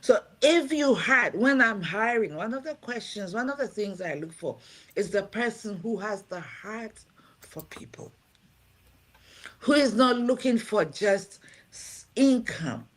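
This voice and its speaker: Measured and expressive, this medium-pitched woman shares earnest thoughts on a livestream talk show, repeating important phrases for weight. She's a pastor and home care agency owner from outside America.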